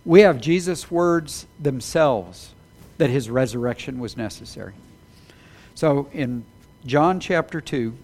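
High-voiced male preacher. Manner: animated, rising to emphatic peaks, apologetic asides. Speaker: pastor. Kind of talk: sermon.

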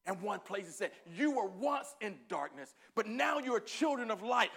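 Texan preacher, man, high bright voice, goes from hushed to fired-up shouting. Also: big pitch swings, gravelly. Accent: Texan Southern. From Northeast Texas. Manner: swings from low, quiet musing to loud, fervent, drawn-out preaching; laughs and exclaims often. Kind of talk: sermon.

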